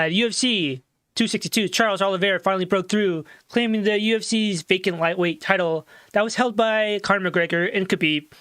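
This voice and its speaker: A young man co-hosting a casual online news show, his voice pitched noticeably high. He reads headlines and then drifts into easygoing asides. The sound is close and dry. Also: a bit bright, no room sound. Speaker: co-host.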